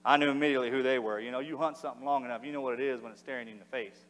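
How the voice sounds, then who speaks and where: Fast-talking man in a reverberant hall. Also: medium pitch, fairly even intonation, a bit bright. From United States. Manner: blunt, casual storytelling with slang and restarts. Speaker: former soldier giving a speech. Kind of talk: public speech, storytelling. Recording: speech in a large hall with long reverb.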